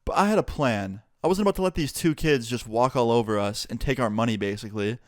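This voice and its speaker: A young man telling a storytime vlog in a casual, animated way with lots of swearing. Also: mid-range voice, fast talker, no echo, clean studio sound.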